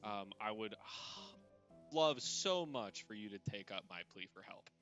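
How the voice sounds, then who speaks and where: A man's voice: on the low side, expressive, measured pace, a bit bright, highs cut off, faint music behind. A man playing a tabletop role-playing game, speaking in a stammering, jokey way. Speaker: player. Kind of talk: casual tabletop play.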